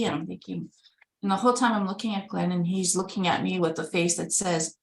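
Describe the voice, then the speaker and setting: This woman, a caregiver and organ donation advocate from Winnipeg, Manitoba, Canada, tells her story earnestly and conversationally in a webinar over video call, reenacting remembered dialogue. Her fairly low voice is brisk with fairly even intonation, and the room sounds echoey.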